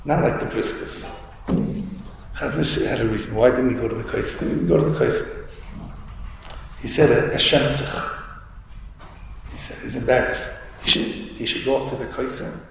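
A man tells a story in a Torah lecture, restarting phrases as he goes. His voice is gravelly and mid-pitched. The sound rings through a large hall with long reverb. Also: brisk, pauses often. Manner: storytelling, with many restarts and Hebrew and Yiddish terms. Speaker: rabbi giving a Torah talk. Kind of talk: Yiddish-inflected Torah lecture. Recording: echoey hall with faint room noise.

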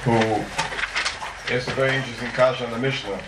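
A man teaching a Talmud class, working through cases with lively rhetorical questions. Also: mid-range voice, fast talker. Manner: lively, rhetorical questions, mixes Hebrew and Aramaic terms. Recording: roomy echo, mic far off, faint noise.

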